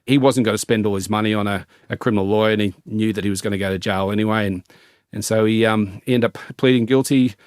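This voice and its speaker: Man, middle-aged, former detective, measured retelling, fillers and restarts, low voice. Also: fairly even intonation, no echo, studio quality. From Australia. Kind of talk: recounting a case in an interview.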